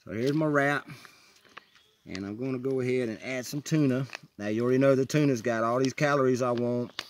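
A man's voice: mid-range voice, brisk, a little hiss or hum. A man chatting casually outdoors on a wooded trail, folksy and enthusiastic as he forages. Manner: folksy, enthusiastic, keeps saying "y'all". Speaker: vlogger foraging on a hiking trail. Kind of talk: casual outdoor vlog chat.

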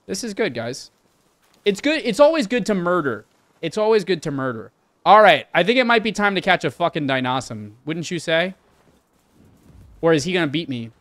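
Young male streamer, slightly high voice, loose and profane live commentary to chat. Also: sing-song, normal speed, a bit bright, no room sound. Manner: chatty, swears often, talks to chat. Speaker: livestreamer. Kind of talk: casual live game commentary.

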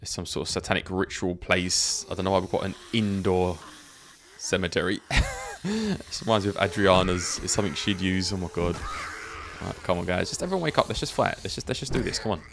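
A man's voice: low-pitched, fairly quick, creaky, noisy background. A man chatting casually while he plays a zombie survival game, thinking aloud and laughing often. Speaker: gaming YouTuber. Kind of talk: let's play commentary.

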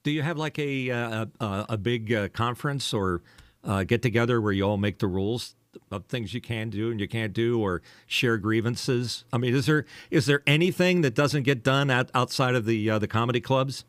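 A man hosting a podcast, asking questions haltingly with many fillers. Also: medium pitch, no room sound, clean studio sound. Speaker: podcast host. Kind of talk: interview questions.

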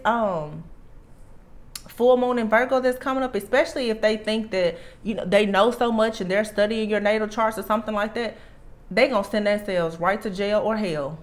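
A woman's voice: on the high side, normal speed. A woman with a Southern US accent giving a tarot reading, speaking emphatically and repeating her warnings. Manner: emphatic, repeats warnings, drawls "I'm telling you". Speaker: tarot reader. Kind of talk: channelled tarot reading to camera.

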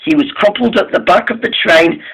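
Husky man narrating with stumbling restarts. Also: high voice, expressive, fairly quick, fairly bright tone, rough recording. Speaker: storyteller. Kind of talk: improvised story narration.

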